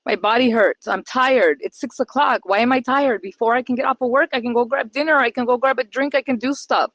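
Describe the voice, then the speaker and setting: A woman's voice: fairly high pitch, brisk, a bit bright, no room sound, dull audio. Woman podcast host, dry close mic, chatty and open, does little voices when quoting people. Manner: open, emotional, acts out quoted voices. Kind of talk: casual podcast chat.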